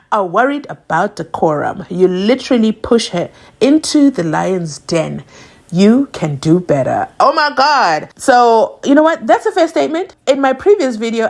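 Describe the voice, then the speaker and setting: Female host, fast emphatic casual commentary. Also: medium pitch. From South Africa. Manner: animated, emphatic, talks fast.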